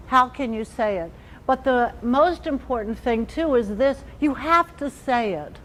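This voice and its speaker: A woman leads a training workshop in a fairly high voice, lively and animated. Now and then she slips into short quoted inner voices to make her point. A faint hiss of noise sits under the recording. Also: rough recording.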